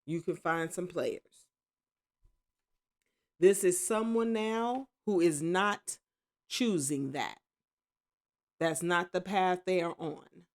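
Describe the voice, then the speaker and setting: Woman doing a chill tarot reading at home, slow and rambly, keeps correcting herself. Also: on the low side. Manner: rambling, self-correcting, with excited exclamations. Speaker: tarot reader. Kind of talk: casual spoken tarot reading.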